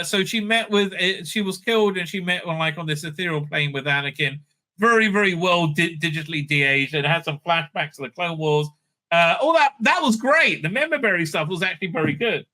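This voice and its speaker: A man rambles through an episode recap with profane sarcasm, his voice very bright and a touch high. The delivery is loose and scathing, full of fillers and swipes. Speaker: show reviewer. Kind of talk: casual episode recap and review.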